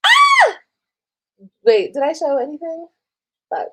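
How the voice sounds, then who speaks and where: A woman from Texas talks straight to her viewers in a casual storytime livestream. She is candid and emotional, reads old messages aloud and swears freely. Her pitch sits in the middle for a woman. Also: moderate pace, a little mellow. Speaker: streamer telling a personal story.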